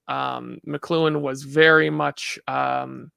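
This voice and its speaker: A man's voice: medium pitch, little pitch movement, slow pace, gravelly, pushed and bright, clean tone, dry recording, clean studio sound. A man from Canada in casual conversation, talking in a discursive, heady way with many fillers and restarts.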